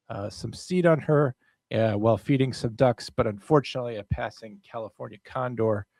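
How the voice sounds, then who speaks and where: A man at a middle pitch hosts a true crime podcast with a deadpan, sarcastic comic edge. His voice is close to the mic, and the sound is dry and free of room echo. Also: gravelly. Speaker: podcast host.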